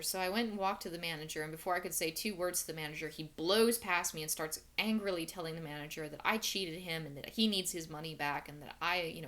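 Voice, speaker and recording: A woman's voice: lowish voice, fairly quick, fairly bright tone. A woman casually telling stories from her past work in a frank, wry, matter-of-fact way, chatty and full of restarts. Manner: chatty with many fillers and restarts. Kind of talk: casual monologue storytelling.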